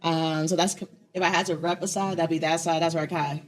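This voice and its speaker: A young woman from Chicago chatting as an interview guest, lively and quick to laugh. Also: low voice. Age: young adult. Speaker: guest, poet and open mic host. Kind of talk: casual interview chat.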